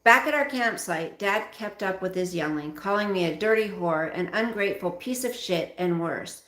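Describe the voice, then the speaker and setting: A woman's voice: mid-range voice, expressive, normal speed, a bit bright, roomy sound. A woman hosting a livestream and reading a memoir aloud, breaking off now and then to speak directly to her viewers.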